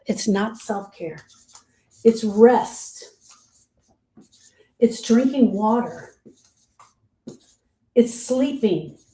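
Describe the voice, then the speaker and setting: A woman speaking as a grief coach in an emphatic, repeating motivational style. Her voice sits at a middle pitch for a woman. She dips soft and low, then rises loud and pressing, and talks straight to her listeners as "girl". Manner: emphatic and repetitive, swinging between soft and loud. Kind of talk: motivational talk to viewers.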